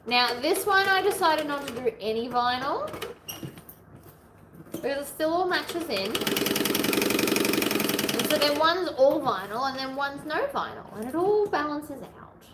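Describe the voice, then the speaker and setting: Chatty, lively woman sewing on a livestream. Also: sits high, a little slow, long pauses. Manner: chatty and playful, narrating each step aloud. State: slightly hoarse from hours of talking. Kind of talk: casual livestream chat while sewing. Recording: echoey room, faint background noise.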